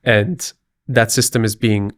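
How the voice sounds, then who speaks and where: A man's voice: on the low side, steady tone, a little slow, dry recording, clean studio sound. A young man, a podcast guest, speaking in an earnest, hopeful and persuasive way. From Canada. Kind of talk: casual political podcast chat.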